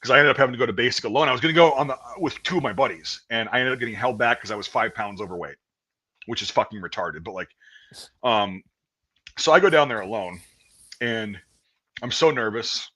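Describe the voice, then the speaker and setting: A man's voice: mid-range voice, lively intonation, a little fast, pushed and bright, breathy edge, rough recording. A man in casual chat, telling a long story in a rambling, profane way with many restarts. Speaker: guest storyteller.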